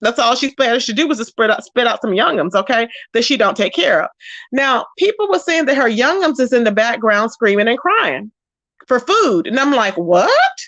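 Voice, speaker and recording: Sassy high-voiced woman gossip host. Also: a bit bright, dry recording. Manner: sassy and blunt, scolding, frequent "child, okay?"; greets viewers by name mid-rant. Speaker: YouTube commentary host. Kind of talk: casual gossip commentary livestream.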